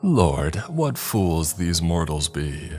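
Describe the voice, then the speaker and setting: A man's voice: very deep voice, unhurried, faint music behind. A man voicing a frail, ill teenage boy with a theatrical streak. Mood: joking. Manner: theatrical, then cold. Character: frail sick teenage boy, joking then bitter.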